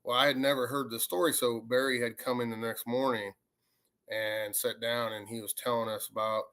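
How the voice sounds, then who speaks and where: A man with a drawl recounts a haunting in loose, rambling storytelling. His voice is bright and forward, and he acts out the quoted lines as he goes. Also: medium pitch, moderate pace. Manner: rambling, animated retelling with acted quotes. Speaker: paranormal investigator. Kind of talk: casual storytelling.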